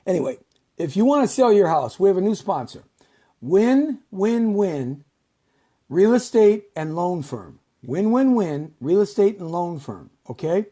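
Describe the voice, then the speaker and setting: A man hosting his own show, rambling through casual sponsor pitches in a repetitive, salesman-like way. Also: very animated, a little slow, long pauses, dark tone. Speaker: show host.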